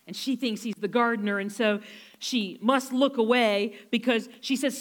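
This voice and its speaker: A woman preacher retelling a story in a sermon, emphatic, repeating phrases and slowing down to stress key lines. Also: a little high, fairly bright tone.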